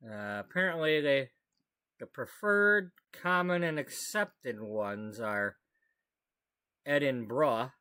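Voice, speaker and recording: A man's voice: mid-range voice, big pitch swings, slow, pushed and bright, clean tone, no room sound. A man chatting casually while gaming, rambling, correcting himself and joking as he goes. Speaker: gaming storyteller. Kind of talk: casual gameplay chat.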